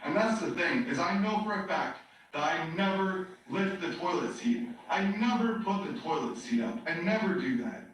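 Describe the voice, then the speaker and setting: A man's voice: high-pitched, animated, moderate pace, a bit bright, slight background noise. A man in a rambling, agitated monologue, repeating himself with many fillers, heard as a recording played back in a courtroom. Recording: very echoey playback heard from far off.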